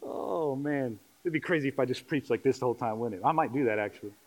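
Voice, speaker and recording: A man preaching a sermon in church, joking with the congregation and building to loud, rising calls. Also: medium pitch, fast. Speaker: pastor. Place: church sanctuary.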